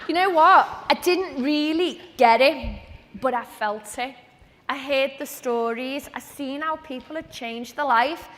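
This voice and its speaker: A woman, giving a lively, chatty motivational talk on stage at a business event. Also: sits high. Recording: long reverb of a large hall.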